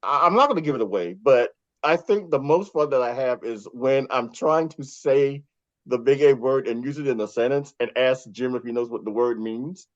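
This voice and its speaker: A man with a New York accent, a podcast co-host being interviewed, telling stories in a lively way and laughing often. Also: medium pitch, normal speed, dry recording, lo-fi sound. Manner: animated storyteller, laughs often. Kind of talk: casual interview chat.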